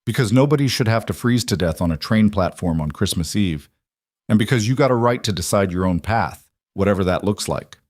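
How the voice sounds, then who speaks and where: Storybook western: man doing a calm, firm rancher, low voice, dry close sound. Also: brisk, no echo. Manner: calm, firm, plain-spoken. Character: steady, plain-spoken lone male rancher.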